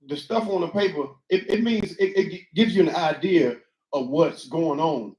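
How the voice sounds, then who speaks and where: A man's voice: fairly high pitch, moderate pace, darkish tone, roomy sound, rough recording. A man in a casual panel discussion who talks bluntly, argues back and cuts in on the other speaker. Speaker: panel guest.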